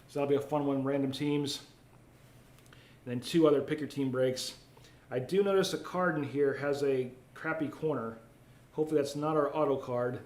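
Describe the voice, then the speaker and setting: A man's voice: on the high side, a little mellow. Chatty man hosting a card break. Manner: chatty, reads viewer comments aloud while opening packs. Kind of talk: live card break commentary. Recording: roomy echo, faint ambient noise.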